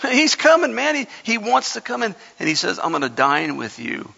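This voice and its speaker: A man's voice: sits high, huge pitch swings, moderate pace, creaky, pushed and bright. A man preaching a sermon in church into a microphone, fervent and folksy, building up to hollering. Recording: reverberant hall, dull lo-fi sound.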